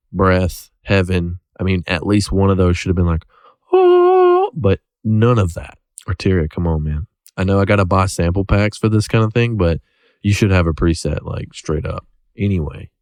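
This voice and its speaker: A man's voice: deep voice, moderate pace, no echo, clean studio sound. A man casually talking through his music production work, joking and thinking aloud as he goes. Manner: relaxed, joking, thinks aloud while working. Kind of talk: casual screen-recorded tutorial chat.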